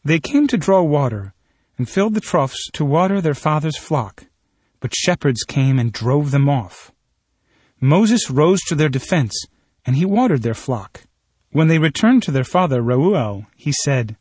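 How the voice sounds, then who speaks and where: A man reads scripture in a steady, measured way, his voice a little husky. He sits slightly high for a man. The sound is dry and close. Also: no room sound. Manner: steady, measured storytelling delivery.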